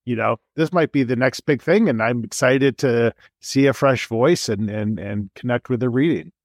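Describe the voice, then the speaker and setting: A man hosting an interview podcast over a video call, talking animated and curious with many stumbling restarts. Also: medium pitch, normal speed, no room sound, studio quality. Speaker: podcast host. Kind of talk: casual interview chat.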